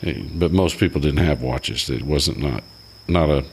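An older man, rambling through old stories in casual chat with halting restarts. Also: very deep voice, slight background noise. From Alabama.

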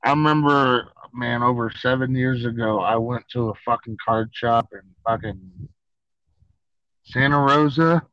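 A man's voice: mid-range voice, a little slow, dry recording. A man co-hosting a casual podcast, joking and swearing casually. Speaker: podcast co-host. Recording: dull dry lo-fi sound.

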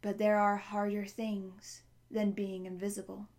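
A woman's voice: medium pitch, completely flat delivery, measured pace, darkish tone, natural voice. A woman voicing a grim tree monster.

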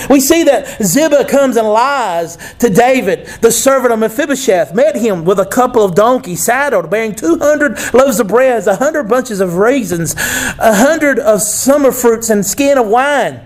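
A man's voice: high voice, lively intonation, normal speed. A male pastor preaching a sermon in an emphatic, conversational way, with frequent asides and call-outs to his congregation.

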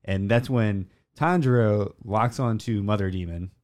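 A man with a fairly low voice talks through a show recap in a loose, rambling way. He keeps slipping in "like" and quick acted snippets of the characters' lines. It sounds like easygoing podcast chat. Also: darkish tone. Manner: rambling retelling, acts out character lines, many "like" fillers. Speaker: podcast co-host. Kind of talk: casual episode recap chat.

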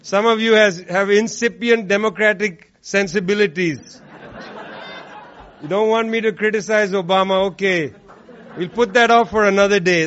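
High-voiced sarcastic man giving a speech. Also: moderate pace, a bit bright, a faint crowd. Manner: sarcastic, emphatic, repeats lines for effect. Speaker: speaker at an activist event. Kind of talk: political speech to a live audience. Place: room with an audience. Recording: dull lo-fi recording.

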